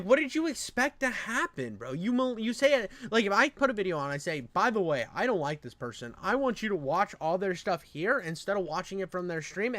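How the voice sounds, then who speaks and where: A man's voice: high voice, a bit bright, no echo. A man hosting a reaction commentary, ranting with heavy profanity and sarcastic mimicry. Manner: profane, mocking rant. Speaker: commentary channel host.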